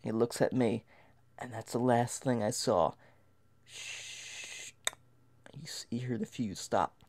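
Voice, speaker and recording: A man's voice: mid-range voice, normal speed, a little mellow, a little hiss or hum. Stammering man spinning a wild tale. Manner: dramatic, stammering with many restarts. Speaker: storyteller. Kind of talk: comic tall-tale monologue.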